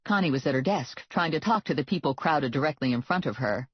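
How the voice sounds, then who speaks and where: An audiobook narrator reading a first-person comic novel in a wry, deadpan manner. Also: medium pitch, quick pace, breathy edge, no echo. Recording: dull lo-fi, dry.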